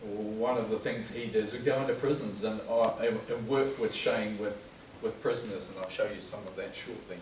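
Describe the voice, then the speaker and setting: A man's voice: fairly low pitch, steady tone, normal speed, few pauses, slight background noise. Man lecturing from a distant mic. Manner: conversational, anecdotal storytelling. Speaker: speaker at a men's health talk. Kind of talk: informal lecture. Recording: roomy hall, distant mic, faint ambience.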